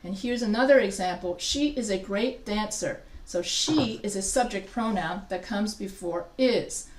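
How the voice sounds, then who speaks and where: A woman's voice: medium pitch, unhurried. Female writing instructor, patient explainer, recorded from afar in a roomy classroom. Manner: explains step by step, quizzes students. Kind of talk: live grammar lesson. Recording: echoey classroom from a distance.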